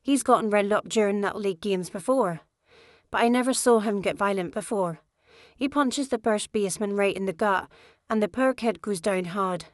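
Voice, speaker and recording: A woman reading a first-person novel as an audiobook narrator, steady in her storytelling. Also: mid-range voice, moderate pace, no echo, clean studio sound.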